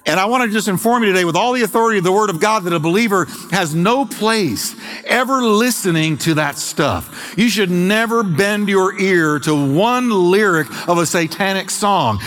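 A middle-aged man pastor preaching an emphatic sermon, slowing and stretching key words for weight. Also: high voice, a bit bright, long reverb tail. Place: church sanctuary.

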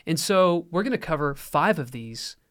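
A man's voice: on the high side, lively intonation, moderate pace, a bit bright, smooth. A man co-hosting a Christian marriage podcast with his wife, explaining ideas earnestly with frequent fillers and restarts. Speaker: podcast co-host. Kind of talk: casual faith and marriage podcast talk.

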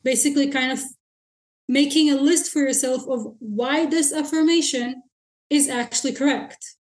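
High-voiced woman coach, blunt and direct. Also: fairly even intonation, moderate pace, darkish tone. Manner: direct and matter-of-fact, blunt. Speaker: mindset coach, podcast guest. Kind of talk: casual interview chat.

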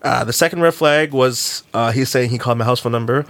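A man's voice: mid-range voice, fairly quick, a bit bright. A young man casually telling a long story to friends on a podcast, rambling in slang with restarts.

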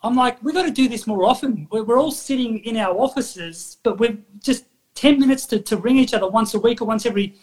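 A man's voice: very high voice, brisk. A man hosting a podcast, talking in an enthusiastic, encouraging way. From Australia. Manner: enthusiastic, encouraging, backchannels often. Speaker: podcast host. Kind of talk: casual interview chat.

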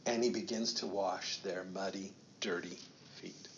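A man preaching a sermon, telling the story in an animated way with slow, emphatic phrases and quiet asides. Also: low voice, highs cut off, slight background noise. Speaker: pastor.

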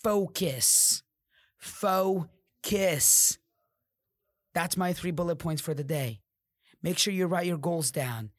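A man's voice: normal speed, dry recording, clean studio sound. Profane fired-up male podcast host. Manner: profane, fired-up preaching with sudden drops to low growls. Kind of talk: motivational monologue.

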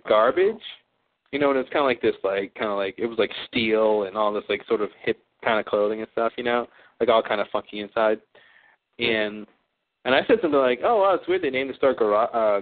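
A man chatting casually and joking, laughing often as he tries out accents. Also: on the low side. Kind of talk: casual chat. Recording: tinny phone-like sound.

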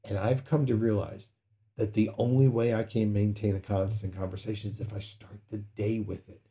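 A man's voice: on the low side, steady tone, moderate pace, warm tone. A man preaching a sermon in a conversational way, acting out prayers with sudden dramatic outbursts. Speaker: pastor.

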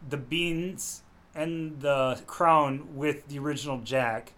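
A man co-hosting a relaxed movie podcast. His voice sits somewhat higher than most men's. He talks in a chatty way and often fills in the other host's sentences. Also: takes it slowly. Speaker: podcast co-host. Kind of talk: casual chat.

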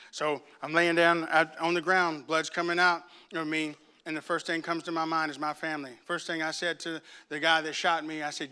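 A man preaching a sermon, telling his own story in hushed tones and then rising to loud preaching aimed straight at his listeners. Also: on the high side, smooth. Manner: speaks straight to viewers and congregation. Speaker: pastor. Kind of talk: sermon with personal testimony.

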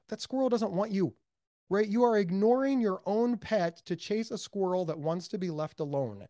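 An American man being interviewed as a mental health advocate, speaking emphatically and with high energy, repeating words for stress. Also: expressive, brisk, warm tone, no room sound, studio quality. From United States. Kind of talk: animated interview talk.

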